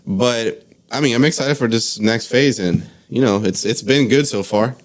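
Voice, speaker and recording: A man's voice: mid-range voice, normal speed. A man co-hosting a podcast in casual chat, hesitant, often repeating words and saying "like". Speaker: podcast co-host.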